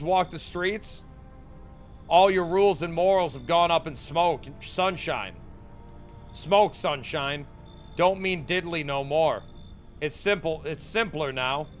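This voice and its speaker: Swaggering rough drifter, put-on British accent, brash and bright; played by a man. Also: fairly high pitch. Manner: cocky slangy tough-guy talk.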